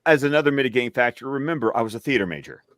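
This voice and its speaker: A man's voice: mid-range voice, lively intonation, very fast, a bit bright, dry recording, studio quality. A man from the US South chatting casually on a panel, rambling through stories in a trained, neutral stage voice. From Alabama, US South. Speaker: film podcast panelist.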